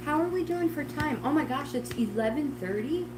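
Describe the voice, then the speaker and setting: A woman's voice: high voice, animated, fairly quick, very noisy. A middle-aged woman from New York State, chatting rambly with viewers on a livestream while she cleans her kitchen, often exclaiming to herself. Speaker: livestream host. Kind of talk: casual chat while cleaning. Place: home kitchen, indoors. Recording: roomy echoey kitchen sound.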